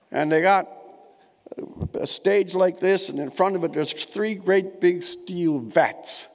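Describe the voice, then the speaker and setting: A man, giving a humorous keynote speech in a wordy, witty storytelling manner, with dry and elaborate phrasing. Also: on the high side. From Newfoundland, Canada. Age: 70s. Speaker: keynote speaker. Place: large indoor conference hall. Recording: echoey hall, long reverb.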